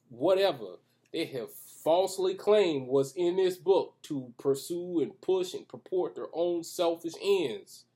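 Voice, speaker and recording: A man with a fairly high, slightly mellow voice gives a loose, casual preaching monologue to camera as a Christian video commentator. He jokes in asides and restarts his sentences, and the room has echoey acoustics.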